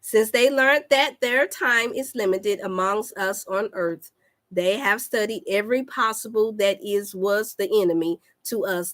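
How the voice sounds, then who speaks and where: A woman health coach giving a fervent, preacher-like talk on a livestream. She repeats lines for emphasis and calls out to her listeners. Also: medium pitch.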